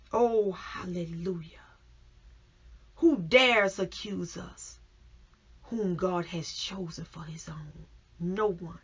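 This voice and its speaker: Casting note: woman minister, slow and deliberate, husky voice, dull lo-fi recording, fervent sermon delivery dipping into whispers. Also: mid-range voice. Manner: fervent, swings between raised exclamations and hushed whispers. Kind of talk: devotional sermon.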